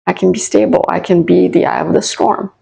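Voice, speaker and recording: A woman's voice: on the low side, steady tone, fairly quick, gravelly, warm tone, breathy edge, rough recording. A woman psychic talking straight to her viewers in a soothing, encouraging way, often repeating her phrases. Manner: direct address to viewers. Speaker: psychic and spiritual coach. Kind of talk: casual channeled reading to camera.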